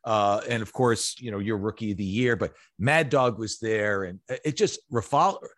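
A man's voice: lowish voice, normal speed, a bit bright. A man hosting a sports interview, adding context for listeners and praising his guest. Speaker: podcast host. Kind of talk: casual interview.

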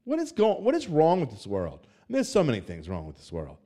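A middle-aged man hosting his podcast alone, rambling from gripe to gripe with a self-mocking edge. His voice sits a bit high and swings through a lively range. The tone stays loose and conversational. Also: brisk. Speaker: podcast host and sports betting writer. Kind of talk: casual solo podcast talk.

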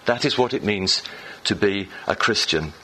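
A man's voice: on the low side, normal speed, sharp tone, slight background noise, rough recording. A man preaching a sermon in church, reading scripture and talking to the congregation in a loose, conversational way with fillers and restarts.

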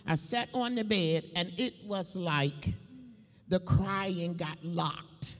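A middle-aged woman giving a personal testimony in church, telling her story slowly and emphatically, laughing between lines. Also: fairly low pitch, faint music behind. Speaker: church speaker. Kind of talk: sermon testimony. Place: church building. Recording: long hall reverb.

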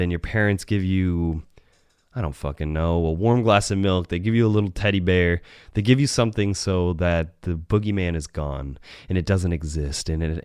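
A man's voice: low-pitched, a little mellow, clean tone, no echo, studio quality. A man hosting a solo podcast, talking in a rambling, profane way and often correcting himself. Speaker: podcast host.

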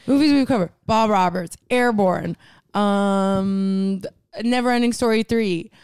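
A woman's voice: mid-range voice, measured pace, darkish tone, clear, resonant tone, no room sound. Woman cohosting a movie podcast, rambly and giggly, cusses a lot, clean dry sound. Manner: rambling, laughs often, swears freely. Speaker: podcast co-host. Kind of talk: casual movie podcast chat.

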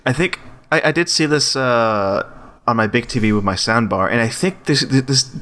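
A man co-hosting a casual podcast, talking enthusiastically with drawn-out pauses. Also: mid-range voice, fairly bright tone. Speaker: podcast co-host. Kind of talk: casual chat.

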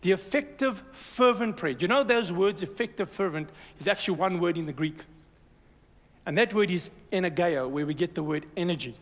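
High-voiced pastor preaching. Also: male voice, brisk. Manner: energetic, exhorting, calls out "amen" to the congregation. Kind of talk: sermon. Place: church hall. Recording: reverberant church hall.

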